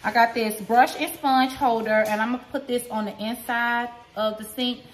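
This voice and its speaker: Woman doing a chill shopping haul vlog, kinda high voice, talks right to the viewers, echoey room. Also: fairly even intonation, moderate pace, a little hiss or hum. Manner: chatty, talks straight to viewers with lots of "y'all". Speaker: vlogger. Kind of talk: casual shopping haul chat. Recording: roomy echo.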